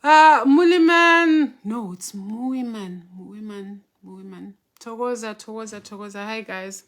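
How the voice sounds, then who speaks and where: A woman's voice: medium pitch, a bit bright. A woman casually hosting a livestream, greeting viewers one by one by name and mixing in Zulu and Xhosa. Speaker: spiritual teacher hosting a livestream.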